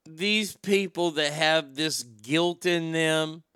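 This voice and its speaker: A man hosts a talk show, ranting bluntly and profanely about his opinions, with frequent stammered restarts. His voice is fairly high and takes things slowly, bright and forceful in tone, smooth, with no echo and studio-quality sound.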